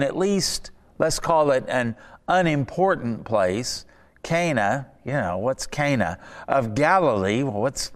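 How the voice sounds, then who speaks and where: A man preaching a sermon in a slow, deliberate, emphatic way, with pauses between his phrases. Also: mid-range voice. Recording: long reverb of a large hall.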